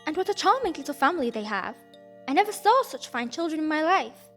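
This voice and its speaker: A woman's voice: high voice, very animated, brisk, soft background music, pitched above the performer's own voice. A woman reading aloud, voicing a chattering, over-familiar young woman who gushes and speaks abruptly. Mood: gushing. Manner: effusive, abrupt and gushing.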